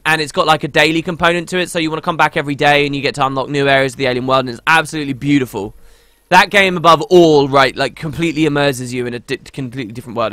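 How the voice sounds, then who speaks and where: A man's voice: a little high, pushed and bright. A man streaming a game and chatting casually to viewers, rambling and often restarting his sentences. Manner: rambling, talkative, self-interrupting. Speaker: gaming streamer. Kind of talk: casual gaming stream chat.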